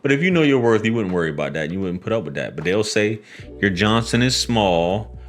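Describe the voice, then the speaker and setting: Man, low voice, blunt preachy commentary, faint music behind. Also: very animated, fairly quick. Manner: blunt, preachy, addresses the men in his audience directly. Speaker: podcast host reacting to clips. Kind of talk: casual commentary.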